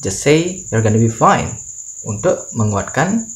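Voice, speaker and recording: A man's voice: medium pitch, sing-song, unhurried. A man from Indonesia with an Indonesian accent, teaching English phrases in a bilingual lesson. He reads each example twice and then translates it.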